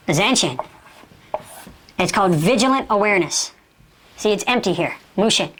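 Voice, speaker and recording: A woman's voice: mid-range voice, a bit bright. A woman giving a motivational martial arts lecture, emphatic, asking rhetorical questions and repeating key phrases.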